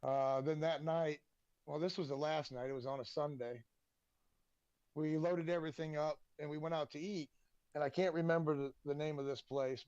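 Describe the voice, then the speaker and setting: A man, a podcast guest telling casual, animated stories and swearing freely. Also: fairly high pitch, normal speed, clean tone, no room sound, lo-fi sound. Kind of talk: casual storytelling.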